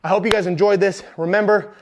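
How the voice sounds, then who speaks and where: A young man leading a home workout as a fitness trainer, counting reps aloud and talking casually with fillers and quick apologies. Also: high voice, steady tone. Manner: apologetic asides, filler words.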